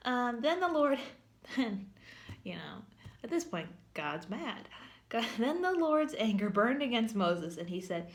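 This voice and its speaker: A woman's voice: fairly high pitch, sing-song, a little slow. A woman giving a casual, humorous Bible lesson at church, chatty and full of filler words. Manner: chatty, humorous, says "like" a lot. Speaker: church teacher.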